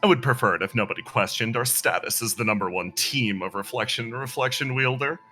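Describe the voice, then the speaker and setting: A man's voice: mid-range voice, fast, pushed and bright, faint music behind, natural voice. A man voicing a fussy, proud female AI partner spirit who rambles and apologizes in flustered asides.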